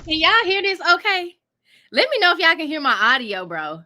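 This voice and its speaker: Woman hosting a live reaction stream from home, high bright voice, keeps cracking up and talking to chat. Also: fairly quick, slight background noise. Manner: loud laughing, animated, talks to viewers. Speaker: commentary host.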